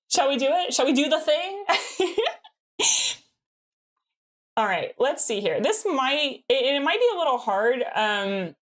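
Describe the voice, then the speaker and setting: Streaming a game, this young American woman chats casually with viewers in a voice that's a little high and a bit bright. She giggles often, sounds bubbly, and keeps dropping "like" into her talk.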